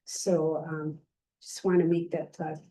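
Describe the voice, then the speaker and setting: A woman's voice: sits low, level tone, takes it slowly, mellow. An older woman speaking as a board member at a public meeting, rambling a little with many fillers. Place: meeting, remote or room. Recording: roomy, distant mic.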